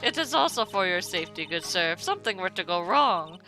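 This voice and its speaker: A woman voicing a stately older mother in a game, slow, formal and courteous. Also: on the low side, big pitch swings, bright, forceful tone, soft background music, exaggerated voice.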